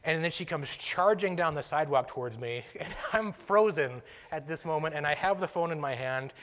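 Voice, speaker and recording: A man's voice: a little high, moderate pace, a bit bright, in a large hall. A man casually telling a personal story, self-deprecating, chuckling and restarting his sentences.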